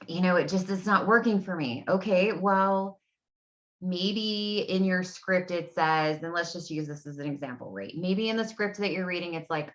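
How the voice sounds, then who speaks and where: A woman's voice: lowish voice, moderate pace, highs cut off. A woman in her thirties, an energy healing coach, chatting casually and rambling to her audience from her home, with lots of fillers. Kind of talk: casual solo talk to camera. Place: home room. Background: dogs barking.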